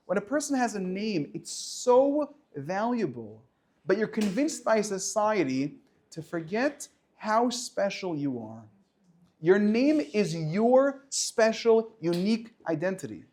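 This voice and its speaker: High-voiced joking rabbi talking to students. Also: male voice. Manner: animated, joking asides, many restarts. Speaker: yeshiva high school rabbi. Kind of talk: informal weekly talk to students.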